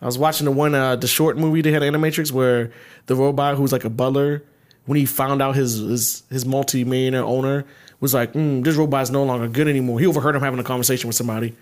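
A man's voice: medium pitch, steady tone, quick pace. A man from the Baltimore area co-hosting a podcast in loose, profane casual chat, laughing often. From Baltimore area, USA. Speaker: podcast co-host.

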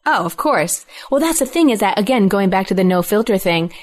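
Laughing, animated woman telling stories. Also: mid-range voice, fairly quick. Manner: animated storyteller, laughs often, acts out quotes. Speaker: podcast co-host, mother. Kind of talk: casual chat.

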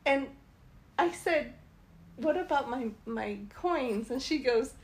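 A woman casually telling a travel story, animated and laughing as she goes. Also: sits high, slow, slight background noise. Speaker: travel vlogger.

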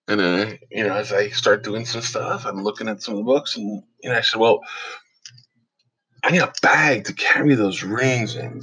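Male podcast host, low husky voice, rambling storyteller. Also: low-quality recording. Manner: rambling, relaxed retelling with quoted dialogue. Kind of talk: casual spoken storytelling.

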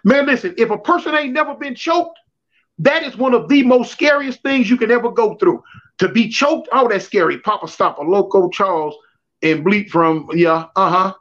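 A man with a high voice tells prison stories at a normal pace on a livestream call, using slangy, repetitive street talk. He's animated and casual, and the lo-fi livestream audio sounds dull.

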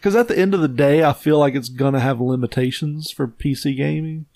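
A man's voice: fairly high pitch, fairly quick, a little mellow, no echo. A man co-hosting a podcast, answering listener questions in an easygoing, agreeable way. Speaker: podcast co-host. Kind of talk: casual chat.

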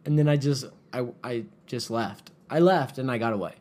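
A man's voice: medium pitch, moderate pace. A man telling a story in casual chat as a podcast co-host, acting out the voices of the people in it and saying "like" a lot. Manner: animated, acts out quoted voices, frequent "like".

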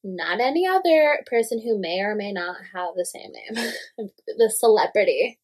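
A young woman in casual gossip chat, animated and full of "like" fillers, swearing freely. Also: medium pitch, moderate pace.

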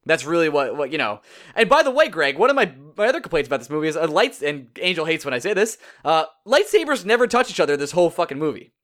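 A man co-hosting a casual podcast chat, excitable and animated as he tells stories. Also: on the high side, quick pace. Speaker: podcast co-host.

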